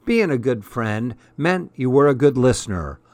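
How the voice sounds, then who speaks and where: A man narrating a first-person story in a measured, expressive audiobook style. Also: mid-range voice, no room sound.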